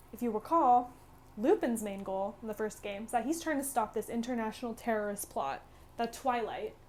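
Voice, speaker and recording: A woman's voice: on the high side, darkish tone, a little hiss or hum. A woman in her twenties, chatty, retelling a visual novel's story and filling her speech with "like". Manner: chatty, peppered with "like", acts out lines. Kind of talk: casual game recap vlog.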